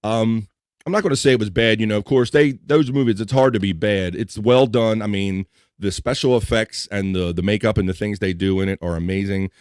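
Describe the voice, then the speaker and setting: A man's voice: lowish voice, a little fast, darkish tone, clear, resonant tone, dry recording, clean studio sound. A man with a slight Mid-Atlantic American twang hosting a live podcast show, chatting casually and restarting his sentences as he goes. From Mid-Atlantic United States. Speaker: podcast host. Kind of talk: casual live-stream chat.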